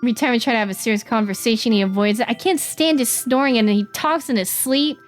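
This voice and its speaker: A woman streaming a game, chatting casually and reading the dialogue aloud in quick playful voices. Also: a little high, faint music behind.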